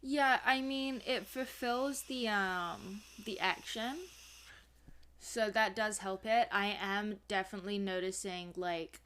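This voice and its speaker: A woman's voice: medium pitch, slow pace, fairly bright tone, a little hiss or hum. A woman co-hosting a podcast in casual chat, laid-back and joking, laughing along with her partner. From Canada. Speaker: podcast co-host.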